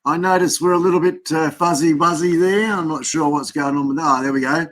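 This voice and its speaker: A man's voice: fairly high pitch, a little fast, a bit bright. An Australian man hosting a casual live stream, chatting and rambling to himself while he adjusts his camera and screens. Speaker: livestream host.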